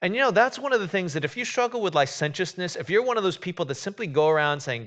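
A man's voice: on the high side, expressive, fast talker, hardly any pauses, a bit bright, muffled recording. A man preaching a sermon in a conversational way, with many fillers and restarts. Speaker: pastor.

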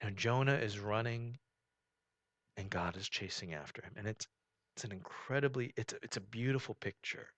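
A man preaching a sermon in a conversational way, often saying "you know", swinging between loud, emphatic stretches and quiet, low ones. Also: moderate pace. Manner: conversational preaching, rising and falling in volume, frequent "you know". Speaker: pastor.

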